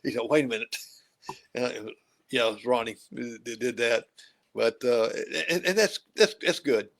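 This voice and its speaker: A man hosts a talk show in a folksy, meandering style, laughing often. His voice is mid-pitched. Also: expressive, measured pace, fairly bright tone. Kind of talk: casual interview chat.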